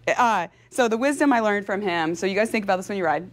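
Energetic, chatty woman giving a talk. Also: medium pitch, quick pace. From California. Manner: energetic, chatty, laughs often; emotional and openly heartfelt. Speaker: professional cyclist giving a talk. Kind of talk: motivational talk to an audience.

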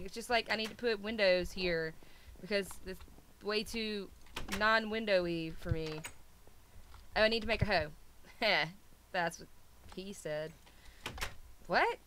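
A young woman chats casually as she plays, joking at her own expense and scolding her pets. Her voice sits a little high, with a bright edge. A faint hiss runs under the recording. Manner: playful, scolds pets, self-mocking. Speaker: gaming video host. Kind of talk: casual chat while playing.

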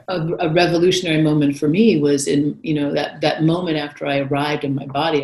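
A woman guest talking about her own experience in an interview, reflective and at times dropping to a soft whisper. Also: low-pitched, gravelly. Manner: reflective, shifting between animated retelling and soft whispered passages. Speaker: guest author. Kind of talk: conversational interview talk. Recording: echoey room.

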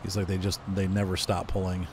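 A man's voice: low-pitched, monotone, fairly quick, background noise. Congested man rambling over gameplay. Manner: rambling, thinks aloud while driving, self-corrects. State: congested from allergies. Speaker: game streamer. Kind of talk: casual gameplay commentary.

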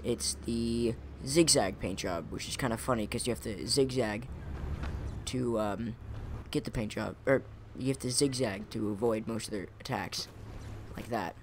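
A man's voice: mid-range voice, moderate pace. A young man giving casual, rambling commentary over his own gameplay, often correcting himself mid-sentence. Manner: rambling, self-correcting, chuckling. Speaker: gaming YouTuber. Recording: audible background noise.

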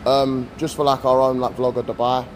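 A man's voice: medium pitch, flat delivery, fairly quick, slight background noise. A man, chatting and laughing with a friend while walking through a shopping mall, filmed on a phone. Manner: laughing, slangy banter. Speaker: vlogger. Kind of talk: casual chat.

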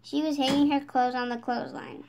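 A young woman reading a children's picture book aloud in a clear, steady narrating voice. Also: sits high, brisk, slight background noise. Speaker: storybook reader.

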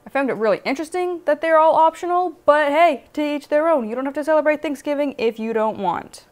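A young American woman chatting playfully as a vlogger on a lapel mic, reading some history aloud quickly. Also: high voice. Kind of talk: casual vlog narration.

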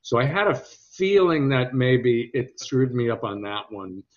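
A man's voice: medium pitch, a little slow. A man, an actor being interviewed, telling anecdotes in a rambling, hesitant way. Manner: storytelling, hesitant restarts, quotes others in lively voices. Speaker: actor guest. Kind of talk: conversational interview. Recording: dull lo-fi audio.

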